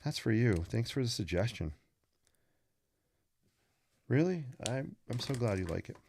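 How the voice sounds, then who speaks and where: A man's voice: medium pitch, big pitch swings, unhurried, vocal fry, darkish tone, slight background noise. A man hosting a live sketching stream, chatting casually and rambling with joking asides as he draws. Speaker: livestream host teaching sketching. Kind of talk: casual live-stream chat while drawing.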